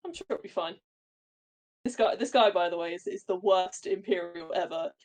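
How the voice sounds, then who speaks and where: A woman co-hosting a podcast, excitable and swearing freely as she reacts. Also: fairly low pitch, normal speed. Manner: excitable, swears and laughs a lot. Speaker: podcast co-host. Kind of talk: casual chat.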